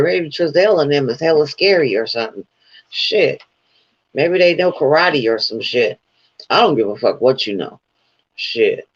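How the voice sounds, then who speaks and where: A man talking casually to his viewers, telling rambling, profane stories and laughing along the way. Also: mid-range voice. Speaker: vlogger. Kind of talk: casual commentary. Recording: dull lo-fi sound.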